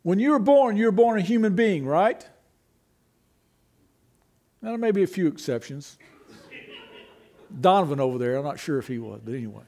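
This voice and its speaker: Pastor, male, very high voice, relaxed conversational preaching with rhetorical questions. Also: normal speed, pauses often. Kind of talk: sermon.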